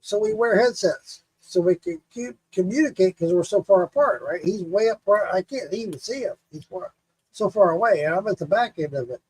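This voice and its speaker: A man's voice: high-pitched, slight background noise, low-quality recording. A man hosting a casual drinking chat, telling stories with cursing and laughter. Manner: animated storyteller, cursing and laughing. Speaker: show host.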